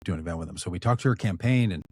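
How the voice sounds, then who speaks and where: A man with a fairly low voice tells a story as a podcast guest, loose and anecdotal. He drifts into quiet asides at the end of his sentences. The sound is dry and close. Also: rapid-fire, husky, dry recording. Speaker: podcast guest, activist and author. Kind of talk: storytelling in conversation.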